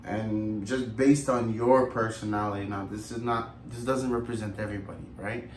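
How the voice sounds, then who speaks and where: A young man with a lowish voice talks deliberately and pauses on "um" as he gathers his thoughts. He sits back from the mic, so the room's echo wraps around him. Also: little pitch movement, slight background noise. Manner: deliberate, hesitant with "um". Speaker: vlogger, husband. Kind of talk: casual Q&A chat. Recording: echoey, distant from the mic.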